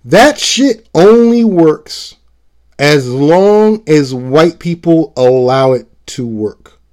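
Male show host, slightly higher-pitched voice, blunt and profane, hammering his points in a solo commentary. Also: expressive, drawn-out words, a little mellow. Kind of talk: political commentary monologue.

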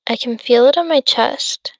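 A woman's voice: fairly high pitch, normal speed, dry recording. An eighteen-year-old woman chatting on her solo podcast, rambling with many fillers and sounding tired and yawny. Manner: rambling, lots of fillers and self-interruptions. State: tired, yawning. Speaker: podcast host. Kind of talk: casual solo podcast chat.

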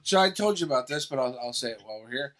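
A man in casual chat who tells animated anecdotes with blunt profanity and quick asides. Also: mid-range voice.

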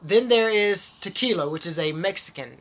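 A man's voice: high-pitched, expressive, normal speed, a bit bright. A man in casual chat, joking, asking curious questions and swearing casually.

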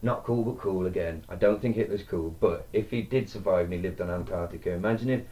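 A man's voice: low-pitched, fast talker, warm tone. A man co-hosting a casual podcast, sweary and jokey, reading out a countdown list. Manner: sweary, jokey, laughs often. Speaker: podcast co-host. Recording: distant mic, dull lo-fi sound.

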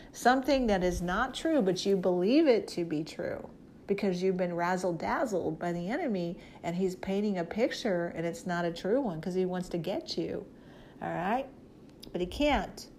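A woman's voice: mid-range voice, darkish tone, slight background noise. A woman preacher with an ordinary mid-range voice teaching from the Bible in a loose, conversational way. She talks straight to her listeners and presses her points with emphasis, leaning in on what she repeats. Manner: emphatic, direct address to listeners.

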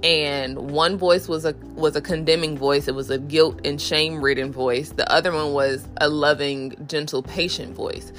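This woman hosts a podcast, speaking candidly and casually about faith at a moderate pace with few pauses, fairly even intonation and a slightly bright voice. Soft music plays in the background. She fills her speech with fillers and restarts and acts out inner voices at a higher pitch.

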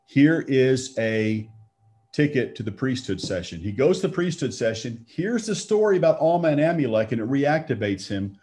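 A man's voice: mid-range voice, very animated, normal speed, a little mellow. A middle-aged man from Texas, telling a personal faith story in a conversational way and acting out the quoted lines. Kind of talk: storytelling talk.

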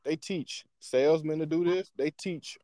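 A man in casual podcast chat, talking in an animated, slangy way and checking in with his listeners as he explains. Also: on the high side, unhurried, dry recording. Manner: animated, slangy, often asks "you know what I'm saying". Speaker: podcast co-host.

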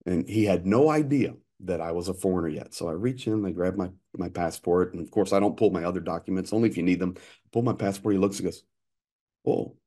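A man in his fifties, an interview guest telling lively anecdotes with frequent restarts. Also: deep voice, fast. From United States. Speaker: interview guest, aid worker. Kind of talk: conversational storytelling.

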